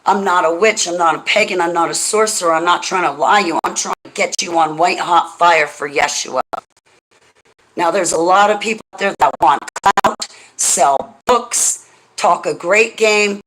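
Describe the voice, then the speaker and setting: A woman's voice: fairly low pitch, measured pace, a bit bright, low-quality recording. A woman hosting a religious talk show in an impassioned, emphatic way. Her delivery is emotional, and she often speaks straight to one listener. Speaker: radio show host.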